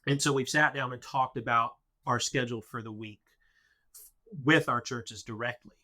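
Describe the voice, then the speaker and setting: A man speaks as a guest on a casual podcast and explains plans step by step. His voice is mid-pitched with a bright, pressing edge. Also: moderate pace. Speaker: podcast guest, head of a mission organization.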